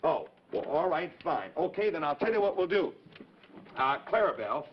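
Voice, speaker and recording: A man's voice: a little high, expressive, normal speed, slightly rough. A man hosting a live children's TV show, genial and a little fussy as he talks to the kids. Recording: dull 1950s TV broadcast audio.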